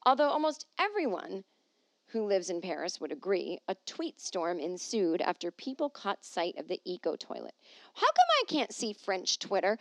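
A woman's voice: fairly low pitch, very animated, normal speed, no echo. A woman hosting a podcast from home, chatting casually and reading an article aloud with wry, jokey asides. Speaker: podcast host.

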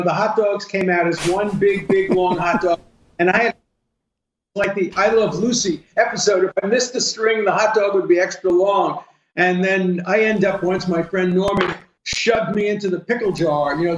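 Older man, high voice, roomy studio. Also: lo-fi sound, a little hiss or hum. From United States. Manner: storytelling, savoring and emphatic. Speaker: guest food taster. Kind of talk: casual studio chat.

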